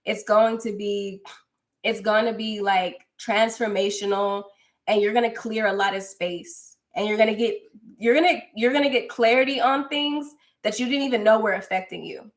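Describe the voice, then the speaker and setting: A woman's voice: mid-range voice, steady tone, moderate pace. A young woman hosting a casual livestream, chatting effusively with viewers and calling them girl. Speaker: livestream host and spiritual coach. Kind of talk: casual livestream chat reading comments.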